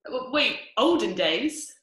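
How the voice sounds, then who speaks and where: A woman's voice: on the high side, big pitch swings, slow pace, pushed and bright. A woman patiently explaining in a casual, scripted educational chat. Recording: roomy echo.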